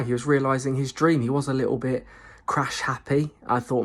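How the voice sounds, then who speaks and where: A man's voice: mid-range voice, fairly even intonation, brisk. A man telling an absurd comic story in a dry, matter-of-fact way. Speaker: comedic storyteller. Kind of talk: deadpan comic monologue.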